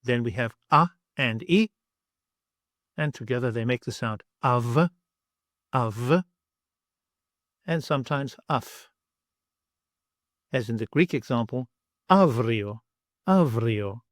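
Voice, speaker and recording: A man gives a pronunciation lesson at an unhurried, careful pace, saying each example twice and stretching the sounds so they come through clearly. His voice sits at an ordinary middle pitch. The recording is close and dry, with no room echo. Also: a bit bright. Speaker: language teacher. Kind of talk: slow, deliberate pronunciation lesson.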